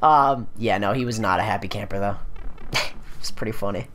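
Low-voiced woman chatting over a game. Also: fairly quick, a little hiss or hum. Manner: swears freely, laughs often, rambling anecdotes. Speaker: let's play co-host. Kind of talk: casual gaming chat.

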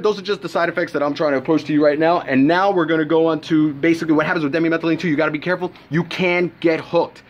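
Brash, fast-talking young man. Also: fairly high pitch, lo-fi sound, slight background noise. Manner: brash and profane, animated storytelling. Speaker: supplement reviewer. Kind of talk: casual vlog review.

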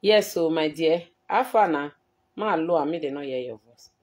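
A woman's voice: low voice, normal speed, a little mellow, husky. A woman with a Nigerian Pidgin English accent talking on a live stream, aggrieved and defensive as she replies to viewers. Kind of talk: emotional live-stream talk.

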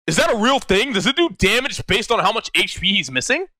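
A young man streaming a game live, loud and exasperated, swearing at his chat and laughing often. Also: high voice, sing-song, brisk, no room sound. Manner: frequent laughter.

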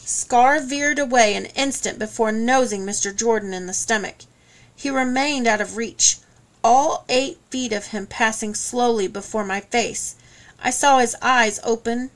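Woman narrating an audiobook, higher voice. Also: fairly bright tone. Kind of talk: scripted first-person narration.

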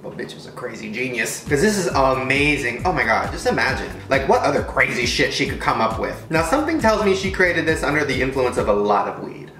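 Animated young man, wildly swinging voice. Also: medium pitch, a little fast, reverberant, faint music behind. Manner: crude, exaggerated, wildly swinging delivery. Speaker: vlogger. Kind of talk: comedic food-tasting vlog.

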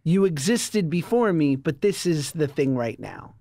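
A man co-hosting a podcast in casual chat, playfully spinning comic what-if scenarios and slipping into quick voices. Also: on the high side, expressive, dark tone, no room sound, studio quality. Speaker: podcast co-host.

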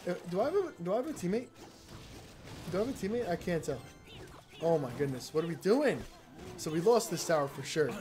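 A man giving chatty, excitable, slangy commentary while playing a mobile game, with sarcastic asides. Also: on the high side, background noise. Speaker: gaming YouTuber. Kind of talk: casual gameplay commentary. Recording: game music behind the voice.

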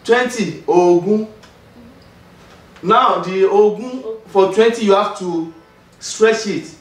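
A man with a Nigerian accent teaching Yoruba, slowly drilling words and repeating them for a student. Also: high-pitched. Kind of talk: patient classroom teaching. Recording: roomy sound, mic far off.

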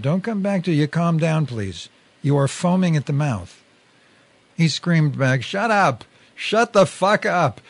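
Male reader, husky voice, mid pitch, measured and wry first-person storytelling. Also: darkish tone.

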